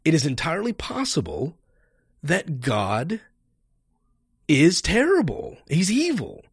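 A man hosting a podcast, arguing his points in an animated, emphatic debate interview. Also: a little high, takes it slowly, husky, no room sound, clean studio sound. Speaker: podcast host.

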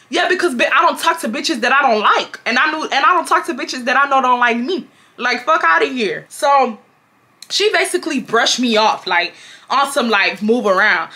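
A woman's voice: a little high, brisk. A young woman, animatedly retelling a work story with lots of swearing. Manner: animated, profane, exasperated retelling. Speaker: vlogger telling a storytime. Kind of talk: casual storytime chat.

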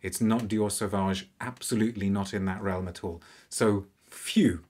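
A man hosting an unscripted live review, chatty and animated, with frequent restarts. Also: fairly low pitch, moderate pace, slightly rough. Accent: non-French, anglicised French pronunciation.

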